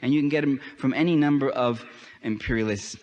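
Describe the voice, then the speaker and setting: A man giving a political lecture, emphatic, with sweeping rises and drops in pitch. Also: fairly quick, darkish tone, dull audio. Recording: long hall reverb.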